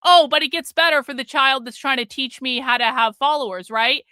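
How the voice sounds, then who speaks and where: A woman's voice: sits high, fairly quick, bright, forceful tone, smooth, no echo. A woman hosting a live stream, ranting in a profane, combative way with a sarcastic, mocking edge, stopping to read and thank viewers' super chats.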